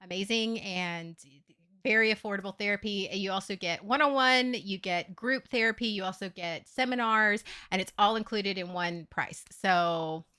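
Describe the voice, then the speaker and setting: A woman streamer talking candidly to her viewers in a casual livestream chat, swearing freely and getting animated as she tells her story. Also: medium pitch, moderate pace, clean tone.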